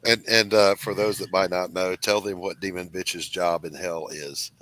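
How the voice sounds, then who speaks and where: A man's voice: low-pitched, steady tone, normal speed, a bit bright, rough recording. Encouraging man host stumbling over fillers. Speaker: interview host. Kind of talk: casual interview chat.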